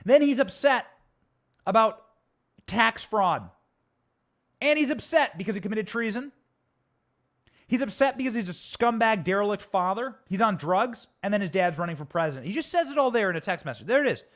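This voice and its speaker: A man with a fairly high voice rants through his political commentary, angry and emphatic. He pushes every point with theatrical force, and he speaks from a studio. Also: very animated, moderate pace, fairly bright tone. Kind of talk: heated political commentary rant.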